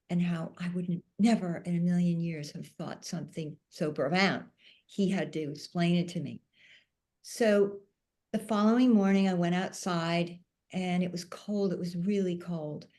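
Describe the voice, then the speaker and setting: A woman on a panel, telling a personal story in a soft-spoken, emotional way. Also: fairly low pitch, fairly even intonation, measured pace. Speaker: panel speaker.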